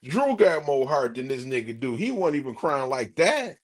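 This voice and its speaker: Animated ranting man, lively pitch. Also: moderate pace, dry recording, studio quality. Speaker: streamer. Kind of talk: casual reaction commentary to live chat.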